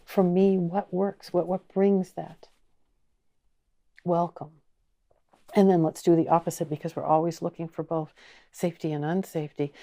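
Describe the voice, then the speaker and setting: A woman teaching an online course, speaking slowly and gently and asking the listener many inviting questions. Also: low voice, creaky. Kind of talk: guided teaching talk.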